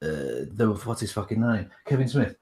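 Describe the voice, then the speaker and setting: A man's voice: lowish voice, sing-song, moderate pace, mellow. A man co-hosting an online chat show, talking with gushing enthusiasm. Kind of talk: casual chat.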